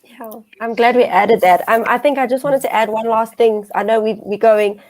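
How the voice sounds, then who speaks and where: Encouraging woman host, a touch high. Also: steady tone, poor audio. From South Africa. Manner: warm, encouraging, quick affirmations. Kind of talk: casual panel chat.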